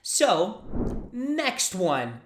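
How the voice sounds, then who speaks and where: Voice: medium pitch, wildly swooping pitch, drawn-out words, slight background noise. A Portuguese teacher from Brazil with a Brazilian accent, who teaches a language lesson in English and patiently repeats phrases for the learner to echo.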